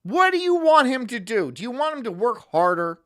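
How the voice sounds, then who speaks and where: A streamer rants in a medium-pitched, sing-song voice at normal speed, heavy on sarcasm, swearing and mockery. His voice swings up and down a lot throughout the live-stream monologue.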